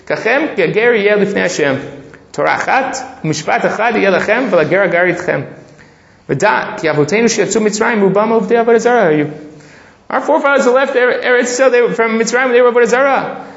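High-voiced man teaching a text class, Hebrew then English, roomy lo-fi sound. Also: a little fast, gravelly. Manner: reads Hebrew text aloud then explains in English, growing excited. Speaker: Torah teacher. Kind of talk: text-based Torah class.

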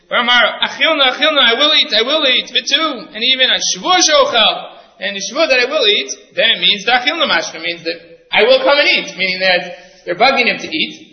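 Man teaching Talmud, high voice, echoey room. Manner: explains each term step by step, with frequent "right?" asides. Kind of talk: Talmud study lesson. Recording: echoey room, dull lo-fi sound.

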